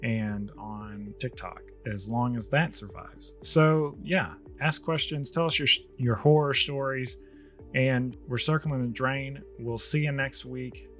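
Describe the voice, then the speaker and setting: A man's voice: mid-range voice, steady tone, slow, fairly bright tone, faint music behind. A man co-hosting a podcast, rambling through a casual rant and sounding tired as he loses his voice. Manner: ranting, rambling, with restarts. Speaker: podcast co-host.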